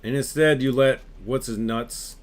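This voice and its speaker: A man streaming a game, chatting casually with his viewers in an animated, ranting way and swearing freely. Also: medium pitch, measured pace. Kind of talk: casual chat with live viewers.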